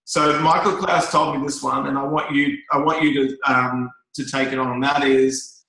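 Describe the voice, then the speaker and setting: A man's voice: medium pitch, fairly even intonation, moderate pace, vocal fry, bright, forceful tone. A man giving a casual motivational talk to a group, full of fillers and restarts. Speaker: network marketing trainer. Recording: very echoey room.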